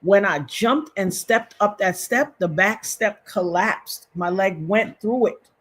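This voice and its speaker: A woman in her fifties hosts a casual livestream, speaking directly to her viewers as she tells a personal story in an emotional, repetitive way. Her voice is mid-range and a bit bright, and she speaks slowly.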